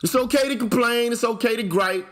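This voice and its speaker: Man, higher voice, blunt profane rant, rapid rhetorical questions, casual commentary. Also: a bit bright. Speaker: channel host.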